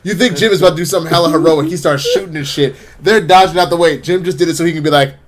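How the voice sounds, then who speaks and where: A man co-hosting a casual review, retelling scenes with quick character voices and loose, profane banter. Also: a little high, a crowd in the background. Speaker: co-host reviewing an episode. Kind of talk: casual recap chat.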